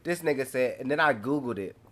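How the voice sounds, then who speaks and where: A man co-hosting a casual podcast, telling profane, animated stories while fighting off a cold. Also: mid-range voice, fairly quick. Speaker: podcast co-host. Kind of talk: casual chat.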